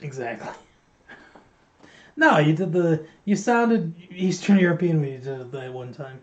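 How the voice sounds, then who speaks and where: A man's voice: fairly high pitch, animated, unhurried. A man co-hosting a podcast, reviewing a film in rambling, joking casual chat and teasing his co-host. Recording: muffled lo-fi stream audio.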